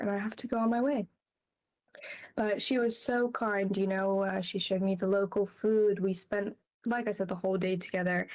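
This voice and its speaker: Speaking as an interview guest, a woman shares a personal story in loose, wandering talk full of "like" and little laughs between phrases. Her voice is medium in pitch and a little mellow.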